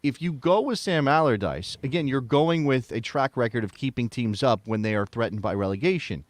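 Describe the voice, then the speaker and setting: Casting: male soccer podcast co-host, animated and talky, medium pitch, dry close-mic sound. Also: no room sound. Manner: animated, quick restarts, jumps up in pitch when reacting. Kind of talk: casual sports debate.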